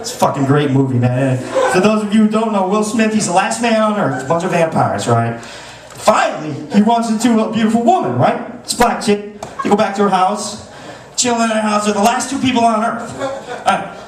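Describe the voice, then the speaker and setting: A man's voice: high-pitched, expressive, brisk, far from the mic, slight background noise. A man doing a crude stand-up set in a comedy club, rambling with restarts. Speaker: stand-up comic. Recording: echoey club recorded from afar.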